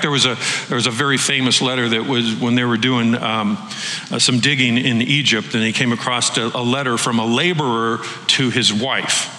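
A man preaching a sermon, animated, acting out the voices he quotes. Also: medium pitch, roomy sound, big-room sound, rough recording. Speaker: pastor.

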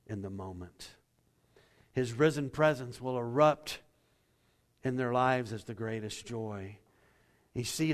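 Man preaching, quiet to booming swells. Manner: preaching with swells from quiet to loud, emphatic builds. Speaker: pastor. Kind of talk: sermon.

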